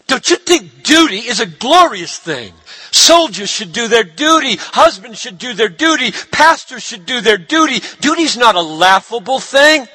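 Animated preaching man, bright and lively. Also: very high-pitched, normal speed. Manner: animated preaching, swinging from hushed to shouted. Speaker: pastor. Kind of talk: sermon.

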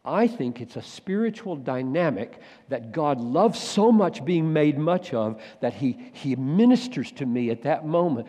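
A man preaching a sermon, swinging from loud urgent bursts to hushed, near-whispered lines. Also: fairly high pitch, animated, unhurried, hardly any pauses. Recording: long hall reverb.

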